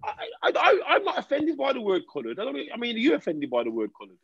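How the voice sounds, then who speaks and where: A man's voice: extremely high pitch, fast talker, creaky, breathy edge, no room sound. A man in casual chat, talking animatedly with lots of restarts and jokes. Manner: animated, restarts often, jokey. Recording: dull lo-fi dry sound.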